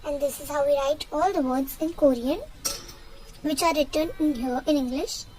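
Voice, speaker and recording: A young girl giving a casual home lesson on basic words, speaking slowly and repeating each word for practice. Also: sits high, fairly even intonation, a little mellow, rough recording. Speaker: language teacher.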